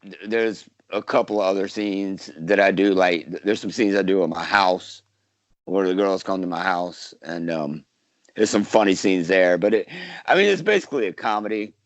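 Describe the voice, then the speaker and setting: A man's voice: sits low, moderate pace, dry recording. A man from South Carolina, an actor guest, chatting casually in an interview with lots of fillers and restarts. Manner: rambling, many fillers and restarts.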